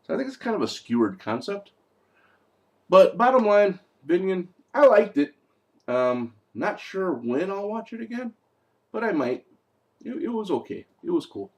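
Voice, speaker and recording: Casual male movie reviewer, slightly high voice, animated and mocking. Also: moderate pace.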